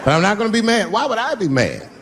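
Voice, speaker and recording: A middle-aged man performing a loose, swaggering stand-up set, jumping to sudden high exclamations. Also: very animated, quick pace, a bit bright. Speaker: stand-up comedian. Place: large theater with audience. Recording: live crowd laughter, stage noise.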